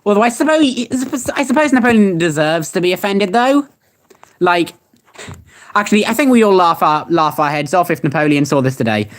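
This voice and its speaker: A young adult streamer with a mid-range voice reads web search results out loud, talking in an animated, slightly quick way. It's casual chat, full of rambling and laughter at whatever turns up.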